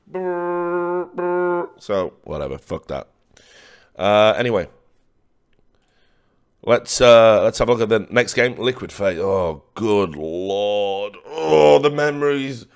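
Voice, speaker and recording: Casting note: male analyst, lowish voice, hoarse and worn out, blunt and swearing, ranting. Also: animated, slow pace. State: hoarse, tired voice. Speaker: esports analyst. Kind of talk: opinionated match analysis.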